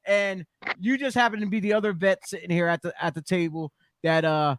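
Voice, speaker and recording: A man's voice: high-pitched, fairly even intonation, brisk, fairly bright tone, no echo. A man hosting a casual wrestling podcast, rambling with fillers and hyping guests like a ring announcer. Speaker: podcast host.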